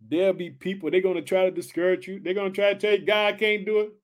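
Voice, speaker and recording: Brief: man preacher, high voice, pumped-up exclamatory Bible teaching, calls listeners family. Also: level tone, quick pace. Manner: reads scripture aloud then comments. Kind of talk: energetic Bible study sermon.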